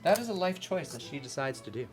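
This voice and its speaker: A woman's voice: deep voice, very animated, fast. A woman hosting a casual cooking demo, talking in a playful, rambling, joking way. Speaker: cooking show host. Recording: background music.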